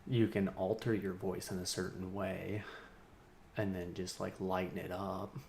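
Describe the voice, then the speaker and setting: Low-voiced man rambling on a livestream. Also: level tone, a little slow, creaky, slight background noise. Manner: rambling, laughing to himself, swings between loud and muttered. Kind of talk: rambling solo livestream monologue. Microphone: streaming mic.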